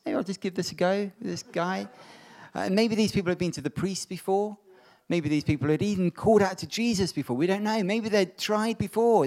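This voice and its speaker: A man preaching a sermon, reading Bible stories and bringing them to life with animated voices. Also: fairly high pitch.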